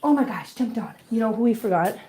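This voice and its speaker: A woman's voice: a little high, animated, fast, dark tone. A woman chatting casually at home, talking doting baby talk to her cats and chatty asides to her viewers. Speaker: cat owner vlogger. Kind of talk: casual chat to pets and viewers.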